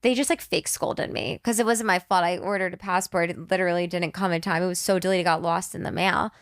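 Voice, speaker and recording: A young woman from New Jersey hosting a podcast, telling a long rambling story in casual chat with quick asides. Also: fairly low pitch, steady tone, no room sound, clean studio sound. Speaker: podcast host.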